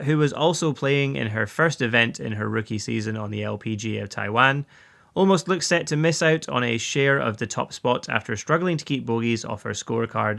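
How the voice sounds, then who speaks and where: Bright-voiced man reading golf results. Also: mid-range voice, vocal fry. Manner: steady results read-out, rising at each new tour. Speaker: golf news host. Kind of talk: scripted news roundup.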